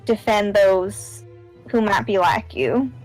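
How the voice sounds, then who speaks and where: A woman's voice: mid-range voice, lively intonation, takes it slowly, darkish tone, soft background music, rough recording. A woman playing a principled character in a tabletop game, speaking hesitantly and apologetically. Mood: apologetic. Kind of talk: in-character tabletop role-play.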